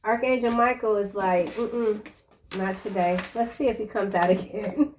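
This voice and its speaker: A woman giving a casual tarot reading in a chatty, slangy way, breaking into excited exclamations. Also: mid-range voice, moderate pace, slight background noise. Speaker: tarot reader.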